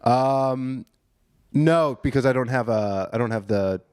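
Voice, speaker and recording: A man's voice: medium pitch, unhurried, darkish tone, clear, resonant tone, no room sound. A man in his thirties co-hosting a podcast, rambling and self-deprecating in a casual comedic chat from a living room studio. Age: 30s. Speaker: podcast co-host.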